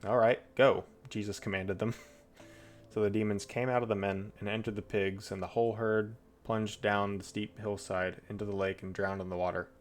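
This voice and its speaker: Low-voiced guy reading bible bits on stream, chatty, winging it, faint music in the back. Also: flat delivery, moderate pace. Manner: chatty, loose asides, chuckles at the text. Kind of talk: casual Bible reading with commentary.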